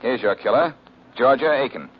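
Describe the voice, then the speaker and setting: An actor playing a wry, wisecracking detective who is cool and charming, in 1940s radio acting. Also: male voice, medium pitch, expressive, normal speed, slight background noise, natural voice. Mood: confident. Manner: wry, smooth, quipping. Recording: lo-fi old radio recording.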